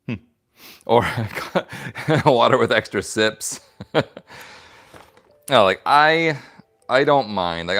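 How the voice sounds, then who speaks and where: A man's voice: lowish voice, fairly bright tone. A man hosting a leather crafting stream, chatting playfully and giggling as he rambles through his work in a workshop. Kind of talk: casual chat while crafting leather.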